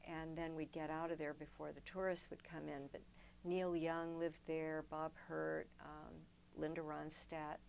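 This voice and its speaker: A woman's voice: sits low, flat delivery, measured pace, vocal fry, darkish tone, slight background noise, low-quality recording. An older woman, a guest in an interview, telling long personal stories in a reflective way, often restarting her sentences. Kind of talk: storytelling in a sit-down interview.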